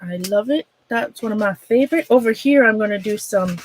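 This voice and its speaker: A woman's voice: mid-range voice, rough recording. A woman with a Minnesota accent hosting an art livestream, chatting casually with viewers while she works, rambling and breaking off mid-thought with frequent laughs. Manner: chatty, rambling, self-interrupting, quick to laugh. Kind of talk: casual livestream chat while demonstrating a craft.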